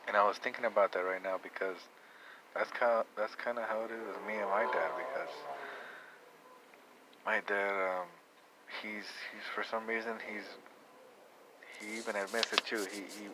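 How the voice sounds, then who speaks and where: Low, flat-voiced young man musing aloud. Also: very noisy. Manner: rambling, halting, with many restarts. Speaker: vlogger. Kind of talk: reflective personal storytelling.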